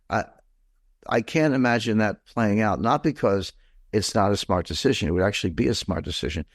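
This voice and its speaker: Blunt low-voiced older man. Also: brisk, dry recording, studio quality. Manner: opinionated, blunt, digressive. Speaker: financial commentator. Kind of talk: interview answers.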